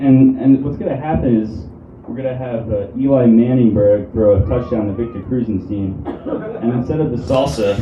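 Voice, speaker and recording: Young stand-up comic with a halting delivery. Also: male voice, on the low side, muffled recording. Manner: deadpan, halting, many ums and restarts. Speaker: stand-up comedian. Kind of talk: stand-up comedy set. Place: comedy club stage. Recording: roomy club audio from a distant mic with room noise.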